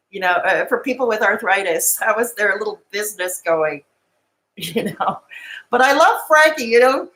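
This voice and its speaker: A woman's voice: fairly high pitch, fairly bright tone, rough recording. A woman hosting a live stream, chatting casually and giggling as she rambles and answers comments.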